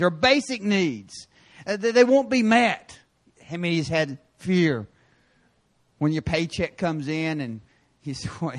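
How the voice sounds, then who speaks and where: Middle-aged male pastor, unhurried sermon delivery, acts out the people in his stories. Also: sits high. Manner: storytelling, acts out voices with bursts of shouting.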